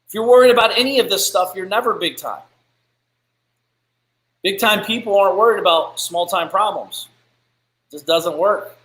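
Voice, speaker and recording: A man's voice: a little high, bright, forceful tone. A man hosting a live business show, giving a blunt, profane, fired-up motivational rant. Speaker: business podcast host. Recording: echoey room.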